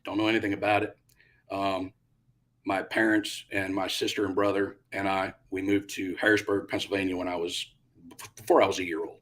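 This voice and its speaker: In a casual interview, a retired Army pilot in middle age shares stories fairly quickly in a low voice. He performs the quotes animatedly, punctuating them with loud bursts.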